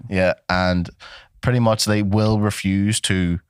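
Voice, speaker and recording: Brief: young Irish man, low voice, dry close mic, sweary banter. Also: fairly even intonation, slow, smooth, no room sound. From Ireland. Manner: joking, sweary, enunciates carefully. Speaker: podcast co-host. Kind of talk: casual banter.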